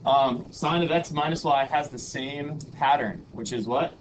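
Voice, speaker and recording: A man's voice: medium pitch, unhurried, rough recording. Patient man teaching a math class. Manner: patient, chanting rhythmic mnemonics. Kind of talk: classroom lecture. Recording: audible background noise.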